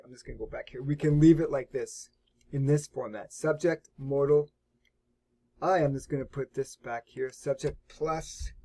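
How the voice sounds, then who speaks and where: A man teaching English grammar in a lesson video, explaining slowly and carefully and repeating key words. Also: fairly high pitch, dark tone.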